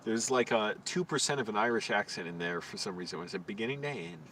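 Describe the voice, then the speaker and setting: A man's voice: fairly low pitch, fast talker, pushed and bright. A man in a casual vlog, rambling in a crude, self-deprecating, tired way. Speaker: vlogger, homeless filmmaker. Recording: distant mic with traffic noise.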